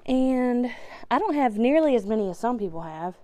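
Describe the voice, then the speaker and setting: A woman's voice: on the high side, animated, moderate pace, warm tone, no room sound. A young woman, out of breath, chatting casually on her podcast while tidying, laughing often and poking fun at herself. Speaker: podcast host.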